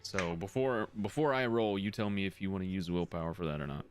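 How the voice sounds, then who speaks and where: A man running a tabletop game as game master, talking casually in halting phrases with restarts and quick laughs. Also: deep voice, clear, resonant tone, dry recording, soft background music.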